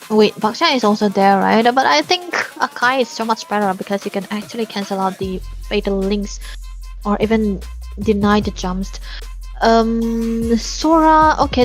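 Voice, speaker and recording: A woman casting live esports, chatty and excitable, breaking into giggles as she breaks down the game. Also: on the high side, normal speed, soft background music. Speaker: esports caster and analyst.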